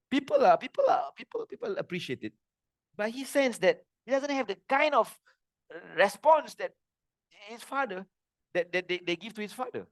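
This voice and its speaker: A middle-aged man gives a religious lesson in an earnest, plain-spoken way. His fairly high voice swings widely as he teaches, and the sound is dry and close. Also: no room sound.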